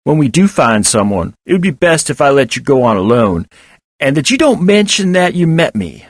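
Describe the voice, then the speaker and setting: A humble young male chipmunk speaks up in an earnest, reassuring way, as a man reading the story puts him on. His voice sits well above a grown man's ordinary pitch. This is a storybook reading. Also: sing-song, moderate pace, no room sound, studio quality. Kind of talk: audiobook character voice.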